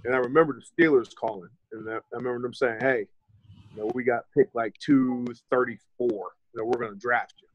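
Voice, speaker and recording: An American man in his thirties, a former pro running back, tells his story as a podcast guest, candid and loose, swearing freely and acting out remembered conversations. His mid-range voice is steady and brisk, with no echo but a muffled recording.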